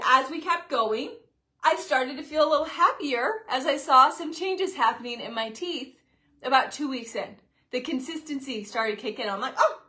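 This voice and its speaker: A woman in her late twenties talking casually to her followers, chatty and expressive, acting out her own past reactions as she tells a personal story. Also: high-pitched. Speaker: social media creator. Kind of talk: casual talking-to-camera vlog.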